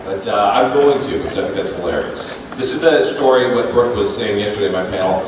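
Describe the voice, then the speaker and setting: A man, a voice actor, telling animated stories with laughter at a convention panel. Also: fairly low pitch, a little fast. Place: large convention panel room. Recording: echoey hall from far off, noisy.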